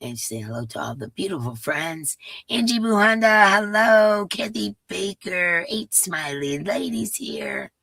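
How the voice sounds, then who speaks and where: Hoarse woman, low gravelly voice, casual livestream chat, dry sound. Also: expressive, unhurried, few pauses, fairly bright tone, no echo. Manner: chatty, reads viewer names aloud. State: hoarse, voice coming and going. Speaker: livestream host. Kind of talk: casual live-stream chat greeting viewers.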